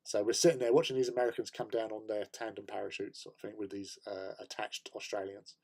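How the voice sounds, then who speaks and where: A man's voice: on the low side, fairly even intonation, fast talker, vocal fry, darkish tone, breathy edge. An English man hosting a casual hobby stream, rambling through a travel story with many fillers and laughs. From England. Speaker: host.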